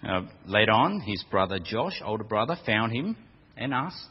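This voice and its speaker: Lively husky preacher man in a hall. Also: on the low side, normal speed. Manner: storytelling, lively and animated. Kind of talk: sermon. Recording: dull lo-fi church recording with long reverb.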